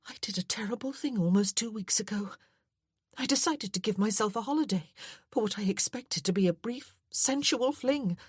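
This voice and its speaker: A woman's voice: medium pitch, normal speed, husky, no room sound, clean studio sound, pitched above the performer's own voice, natural voice. A woman voicing a guilt-ridden young widow, speaking with raised, breathless anguish. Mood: remorseful.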